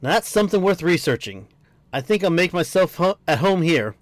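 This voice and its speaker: Man reading as a calm genius scientist. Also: high voice, moderate pace, no room sound, voice pushed up. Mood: curious. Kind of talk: reading manga dialogue aloud. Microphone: dry close home mic.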